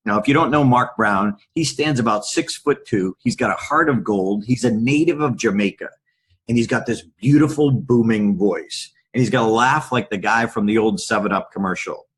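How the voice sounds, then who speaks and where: A middle-aged man, a podcast guest and public speaker, telling candid stories in a lively anecdotal way. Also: lowish voice, normal speed, slightly rough. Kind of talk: storytelling in a podcast interview.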